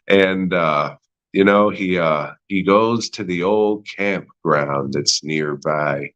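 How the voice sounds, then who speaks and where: Slow, deep-voiced man ranting. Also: fairly bright tone, highs cut off. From United States. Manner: profane, rambling, sarcastic, laughs at himself. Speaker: podcast host. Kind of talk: solo movie review rant.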